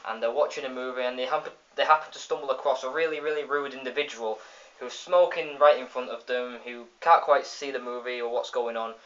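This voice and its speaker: A man's voice: medium pitch, fairly even intonation, brisk, fairly bright tone. Man rambling through a dull phone recording. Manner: rambling retelling with many restarts and fillers. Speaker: episode reviewer. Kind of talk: casual spoken episode review.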